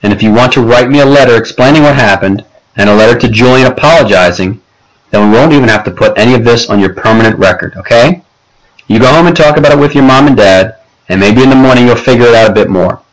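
A man reading aloud, voicing a patient male school principal who speaks in a calm, measured, gently firm way. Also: mid-range voice, natural voice, rough recording. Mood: kindly.

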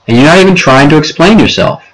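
A man reading aloud, voicing a patient male school principal who speaks in a calm, measured, gently firm way. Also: on the high side, pitched above the performer's own voice, poor audio. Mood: kindly.

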